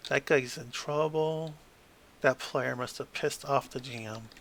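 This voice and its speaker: A man's voice: mid-range voice, measured pace, fairly bright tone, a little hiss or hum. A man flipping through a tabletop game book, reading passages aloud with wry asides and stumbling over hard words.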